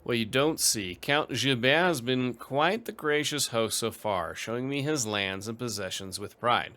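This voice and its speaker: Bright-voiced man narrating gameplay. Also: mid-range voice, measured pace. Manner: dry, wry asides, reads event text aloud. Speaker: let's play host. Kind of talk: gameplay commentary reading event text.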